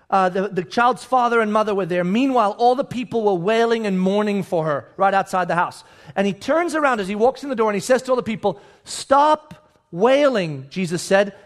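A middle-aged man preaching a sermon, telling the story animatedly and acting out the people in it, with sudden quiet asides. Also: high-pitched. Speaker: pastor.

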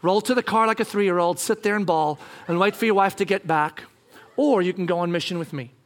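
A man voicing a soft, gentle divine spirit. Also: high-pitched, pitched below the performer's own voice, close to an everyday voice. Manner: soft, slow, calm and reassuring. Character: gentle patient divine spirit speaking inwardly.

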